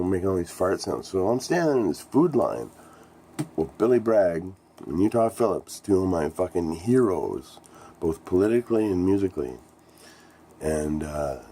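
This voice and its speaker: A middle-aged man with an extremely low, dark, mellow voice tells a band story in a casual vlog. He rambles, swears often and sounds thrilled by what happened. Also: vocal fry, a little hiss or hum. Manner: rambling, profane, enthusiastic storyteller. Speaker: musician telling a band story.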